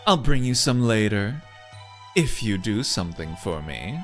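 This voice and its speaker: Guy doing a sultry sweet game lady, slow and coaxing, pitch all over the place. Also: sing-song, a bit bright, soft background music. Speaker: streamer reading game dialogue aloud. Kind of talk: voiced game playthrough.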